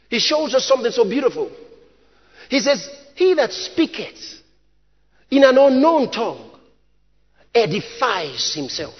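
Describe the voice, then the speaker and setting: A man preaching a sermon with emphatic, dramatic delivery, shouting at peaks and repeating key phrases. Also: very high-pitched, long reverb tail, lo-fi sound.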